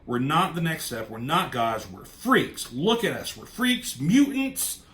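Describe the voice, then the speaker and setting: A man's voice: medium pitch, lively intonation, normal speed, lightly acted. A man voicing a grieving, furious young woman with superpowers, delivering a bitter, accusing tirade at her father.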